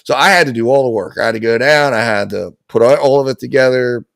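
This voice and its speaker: A man's voice: medium pitch, quick pace, vocal fry, dry recording. A man casually telling a long personal anecdote on a live talk show. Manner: relaxed storytelling, lots of fillers.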